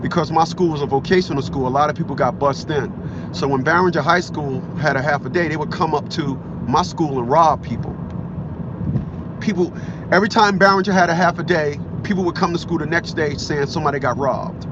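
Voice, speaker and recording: A man in his fifties tells a long story from a car, rambling and circling back on his words. His voice sits a bit high. The sound is dull and muffled, with loud traffic noise. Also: fairly quick. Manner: rambling, repeats himself, acts out quotes. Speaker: vlogger. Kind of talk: casual storytelling monologue.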